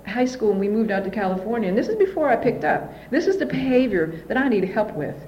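A woman telling her own story at a recovery meeting, candid and animated. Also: fairly high pitch, fast talker, highs cut off, a little hiss or hum. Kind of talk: personal recovery testimony.

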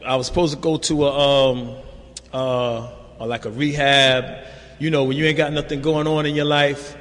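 This older man's recovery testimony comes across as loose and conversational, with a streetwise New York flavor and a steady stream of "you know." He shares it at a recovery meeting, recorded in a reverberant hall, in a medium-pitched, fairly bright voice with fairly even intonation and a moderate pace.

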